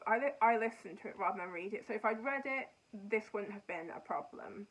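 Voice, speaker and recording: Woman podcast host, mid-pitch voice, rambly frank chatter about what she's been reading. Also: fairly quick, few pauses, low-quality recording. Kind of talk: casual chat reviewing books and TV.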